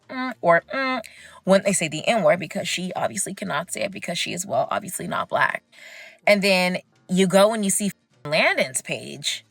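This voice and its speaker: A young woman talks straight into a close mic in a dry, dead room, her voice sitting on the low side. She rants in a chatty, emphatic way and drags out key words for effect. Soft music plays faintly underneath. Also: creaky, dry recording. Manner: chatty, emphatic, drawn-out stresses. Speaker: commentator. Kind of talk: casual opinion rant.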